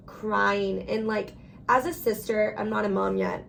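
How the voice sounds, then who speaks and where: A young woman chatting casually on a podcast, telling a story with animated quoted lines. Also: mid-range voice, a little slow, vocal fry, slight background noise. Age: young adult. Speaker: podcast co-host, sister. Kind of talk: casual chat.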